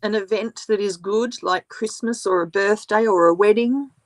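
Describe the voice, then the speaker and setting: A woman's voice: mid-range voice, normal speed, dry recording. Easygoing Australian woman guest. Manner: easygoing, laughs easily, self-deprecating. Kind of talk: casual live-stream chat.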